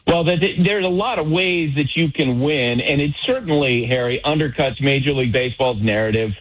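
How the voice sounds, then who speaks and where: Opinionated middle-aged man, dull radio sound. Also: mid-range voice. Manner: opinionated, piles up quick examples. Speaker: baseball analyst. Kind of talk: sports radio talk.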